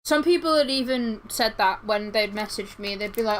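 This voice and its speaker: A woman's voice: mid-range voice, moderate pace, slight background noise, low-quality recording. A young woman, rambling through a story while livestreaming, with lots of fillers and restarts. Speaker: streamer.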